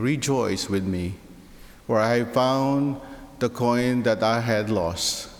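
A man giving a measured scripture reading during a church service, with a few small slips. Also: medium pitch. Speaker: scripture reader. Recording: long church reverb.

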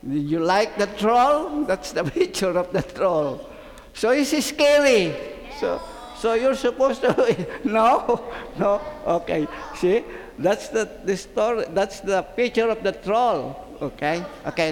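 A man reading a story aloud to children as their teacher, animated and asking them questions as he goes. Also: sits high, slow. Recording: long hall reverb.

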